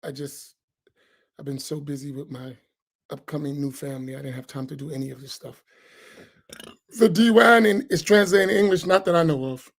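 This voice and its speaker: A man's voice: a little high, moderate pace, vocal fry, pauses often. A man, an imam, teaching a religious class in a heated, sarcastic way full of rhetorical questions. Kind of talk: heated religious lesson, argumentative.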